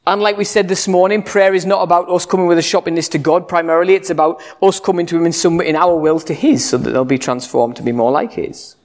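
A man's voice: high-pitched, steady tone, fast talker, hardly any pauses. A man preaching a sermon in a conversational, humorous way, full of rhetorical questions. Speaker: pastor.

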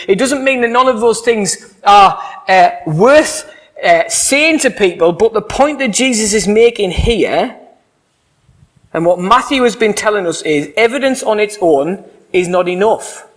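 A man's voice: high voice, measured pace. A man preaching a sermon, earnest and emphatic, often putting rhetorical questions to his listeners.

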